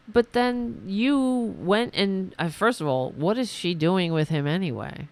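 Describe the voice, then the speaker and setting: A woman hosting a political commentary podcast, ranting sarcastically and mocking opponents in high put-on voices. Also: expressive, a little slow, gravelly, few pauses.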